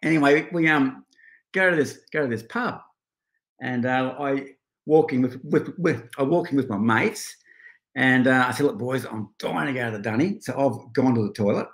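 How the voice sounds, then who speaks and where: A man's voice: medium pitch, moderate pace, reverberant. A middle-aged Australian man, a guest on a podcast, telling stories in a casual chat with frequent laughter. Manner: storytelling, laughing, animated.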